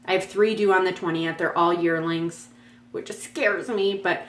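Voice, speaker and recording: A woman's voice: fairly even intonation, measured pace, reverberant. A woman chatting casually in a home vlog, rambling with lots of ums and restarts as she shows her stitching projects. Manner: pitches up sharply when calling her dogs. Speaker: cross-stitch vlogger. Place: at home, dogs nearby.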